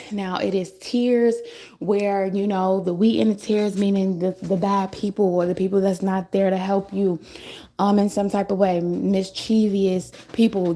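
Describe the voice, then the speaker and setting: A woman's voice: medium pitch, warm tone. A woman hosting a casual spiritual livestream, thinking aloud in a musing, repetitive way and often checking in with "okay?" and "right?". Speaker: livestream host giving spiritual messages.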